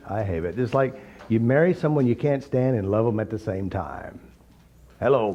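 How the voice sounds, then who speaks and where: A man giving an informal, blunt teaching talk full of jokes and animated stories. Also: mid-range voice. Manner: blunt, joking, animated storytelling. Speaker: therapy method teacher. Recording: slightly dull recording.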